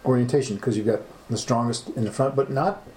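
A man's voice: mid-range voice, a little fast, a little mellow, a little hiss or hum. A man hosting a casual interview, asking easygoing questions about the trip. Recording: echoey room.

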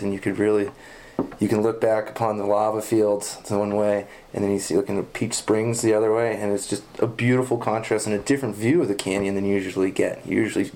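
A man who is a river guide, telling trip stories in a casual interview, animated and laughing as he relives the action. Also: on the low side. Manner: animated, laughs and shouts when retelling action.

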